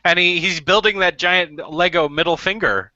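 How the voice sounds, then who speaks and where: Host: man, very bright tone, a bit high, dry muffled call audio. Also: normal speed, no echo. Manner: rambling, joking, reads viewer questions. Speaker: hangout host. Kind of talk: casual group video chat. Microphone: video call mic.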